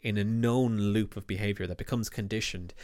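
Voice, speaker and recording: Male co-host, somewhat low voice, thoughtful explainer. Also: steady tone, fairly quick, a little mellow. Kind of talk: casual discussion.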